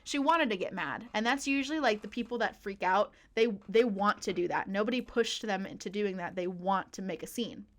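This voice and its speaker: A young woman chatting casually on a podcast, telling a workplace story in an animated way, laughing often. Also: medium pitch, a little fast, hardly any pauses. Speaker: podcast co-host.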